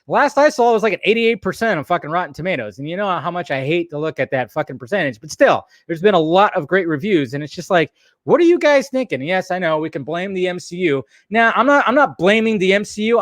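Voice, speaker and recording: A man's voice: a little high, a bit bright, no echo, studio quality. Profane ranting man, a bit tipsy. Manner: profane, heated ranting, swears often. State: tipsy from bourbon. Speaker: streamer host. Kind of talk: ranting live stream chat.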